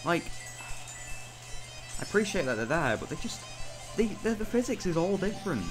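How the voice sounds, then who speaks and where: Young male host, excitable and jokey, slightly higher voice, faint game music behind. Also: normal speed. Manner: excitable, joking, laughs often. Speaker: let's play host. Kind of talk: casual group gaming chat.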